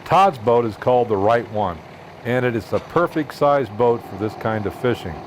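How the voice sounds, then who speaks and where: A man narrating a fishing trip as host, in a measured, plainspoken voice-over. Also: mid-range voice, lively intonation, slight background noise.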